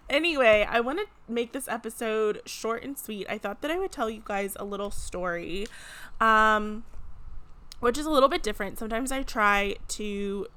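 A woman's voice: fairly high pitch, lively intonation, moderate pace, sharp tone, clean tone. A young woman hosting her own podcast, chatting casually and playfully with lots of fillers and laughs. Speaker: podcast host. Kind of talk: casual solo podcast chat.

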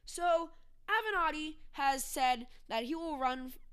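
A woman's voice: sits high, expressive, unhurried, fairly bright tone. A woman hosting a casual political commentary podcast, ranting sarcastically. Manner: sarcastic, ranting, mocks with put-on voices. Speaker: podcast host.

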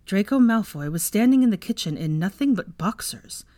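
A woman reading fan fiction aloud as narrator, at an even, steady pace. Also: medium pitch, moderate pace, no echo, clean studio sound.

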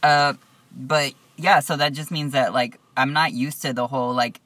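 A man's voice: mid-range voice, steady tone, normal speed, bright, forceful tone, no room sound, far from the mic. A young man in casual chat, teasing with dry questions. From Mexican family background.

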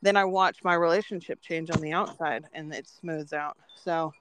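A woman's voice: sits low, steady tone, normal speed, noisy background. A woman co-hosting a podcast, chatting casually and telling earnest, rambling stories with frequent ums. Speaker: podcast co-host.

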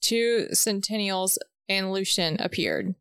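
A woman reading aloud a chapter-by-chapter recap of a novel, with the dialogue read in a steady, even pace. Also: mid-range voice, slow, clear, resonant tone, no room sound, clean studio sound.

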